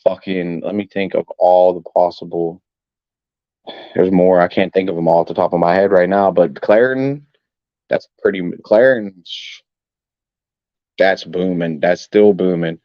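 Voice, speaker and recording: A man's voice: low-pitched, measured pace, dry recording. Profane rambling man on a livestream. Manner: rambling, profane, coughs often. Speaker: sports fan livestream host. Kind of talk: casual livestream chat. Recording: dull, dry home mic.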